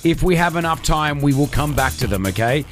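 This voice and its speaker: A man's voice: a little high, animated, a bit bright, faint music behind. A man hosting breakfast radio from a studio, bantering playfully and running a quiz. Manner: playful, teasing, quickfire. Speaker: radio host.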